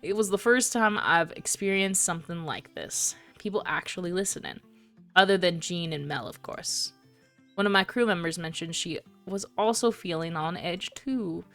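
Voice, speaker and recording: A woman's voice: fairly low pitch, expressive, moderate pace, a bit bright, soft background music. A woman voicing an earnest young man with a put-on American country accent in a game.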